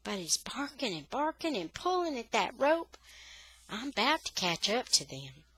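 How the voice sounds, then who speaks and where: A woman reading a children's novel aloud for English learners, with steady, expressive storytelling. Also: a little high, moderate pace, breathy edge, no echo.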